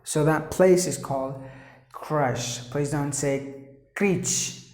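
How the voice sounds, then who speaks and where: Guy from india teaching pronunciation, says words over and over, slow, echoey room. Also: fairly high pitch, a little mellow. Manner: repeats words slowly, stresses sounds, asks "yeah?". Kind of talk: slow, patient pronunciation lesson. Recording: roomy echo.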